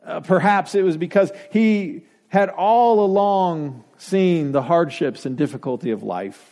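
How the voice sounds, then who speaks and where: Man preaching with animated, rising pitch. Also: measured pace. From Denver, United States. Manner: rhetorical questions, dry asides. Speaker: pastor. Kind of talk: sermon. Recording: long reverb from a hall.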